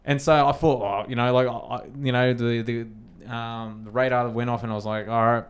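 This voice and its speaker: His mid-range voice is smooth and at normal speed as this young adult Australian co-host tells a story on a casual podcast. He's animated, swears liberally and plays out the quotes himself.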